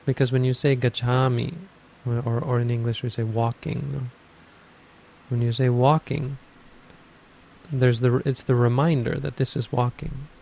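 A man giving a dharma talk on meditation, explaining in a measured way and thinking aloud as he goes. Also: mid-range voice, little pitch movement, creaky, a little mellow, a little hiss or hum, poor audio. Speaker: meditation teacher.

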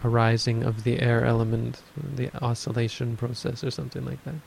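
A man giving a dharma talk on meditation, explaining in a measured way and thinking aloud as he goes. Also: mid-range voice, level tone, creaky, a little mellow, slight background noise, rough recording. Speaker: meditation teacher.

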